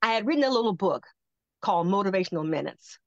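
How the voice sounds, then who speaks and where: An older woman on a podcast telling a personal testimony, animated and acting out the voices she quotes. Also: mid-range voice, fast, dry recording. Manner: animated storyteller who acts out quoted voices. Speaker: podcast guest. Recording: dull lo-fi dry sound.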